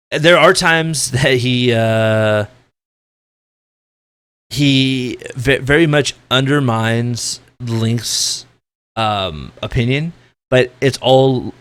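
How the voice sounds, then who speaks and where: A man with a gritty voice rants through gaming commentary, loud and blunt. He swears freely and pushes his points hard. His pitch sits right in the ordinary middle for a man. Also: very slow, pauses often, clear, resonant tone. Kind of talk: ranting commentary.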